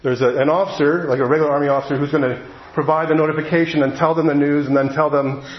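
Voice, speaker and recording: Man, pastor, sermon, earnest storytelling, slightly high voice, dull lo-fi sound. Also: fairly even intonation. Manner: earnest storytelling, slowing on heavy moments. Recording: echoey hall, dull lo-fi sound.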